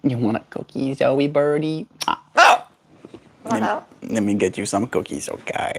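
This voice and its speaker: A man's voice: mid-range voice, very animated, a little slow, gravelly, husky. A man streaming casual chat while cooing affectionate baby talk to his pet bird at home.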